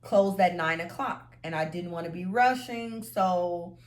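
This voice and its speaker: A young woman vlogger telling a personal story in a chatty, animated way. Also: fairly low pitch, unhurried. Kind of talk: storytime vlog.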